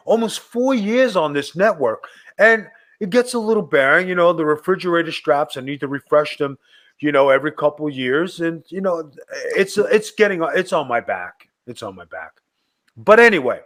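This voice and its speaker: Excitable joking male podcast host. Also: fairly high pitch. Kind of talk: casual chat.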